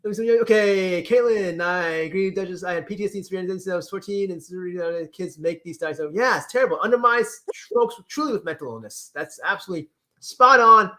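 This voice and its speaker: A man hosting a casual livestream, reading chat comments with lively exclamations and repeated words. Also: sits high, a little fast. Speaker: livestream host.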